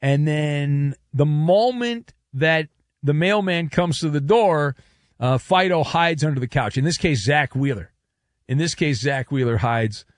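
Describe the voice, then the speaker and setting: A man hosts a sports talk segment in a casual, sarcastic monologue. His fairly high voice leaps up and down as he mocks and acts out the people he talks about. The sound is dry and close, with no room echo. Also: measured pace. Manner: animated, sarcastic, acts out quoted exchanges.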